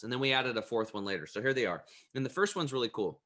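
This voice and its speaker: Bright-voiced energetic man telling stories. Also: mid-range voice, fast talker, few pauses. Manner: energetic, emphatic storyteller; folksy, plain-spoken. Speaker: guest. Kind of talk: casual interview storytelling.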